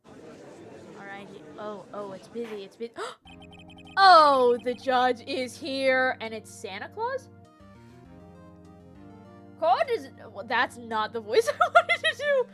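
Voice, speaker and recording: A woman's voice: on the high side, expressive, takes it slowly, bright, forceful tone, faint music behind. A woman streamer giving casual commentary on a game, laughing constantly and reacting with animation.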